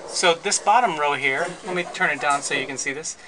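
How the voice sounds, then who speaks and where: A man hosting his podcast, casually walking through his recording and editing setup in a relaxed, rambling way with frequent restarts. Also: a little high, a little fast, a crowd in the background, rough recording. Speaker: podcast host and editor. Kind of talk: casual gear walkthrough.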